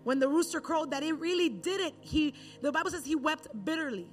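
A woman with a bright, high voice delivers a sermon as a relaxed, chatty story. A faint bed of music runs quietly underneath. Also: fairly quick. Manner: conversational storytelling with acted Bible quotes. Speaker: preacher.

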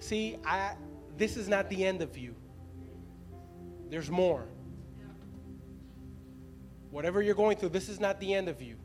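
High-voiced man preaching over music. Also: lively intonation, a little slow, long pauses. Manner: conversational preaching, laughs often, addresses the congregation. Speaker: pastor. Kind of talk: sermon.

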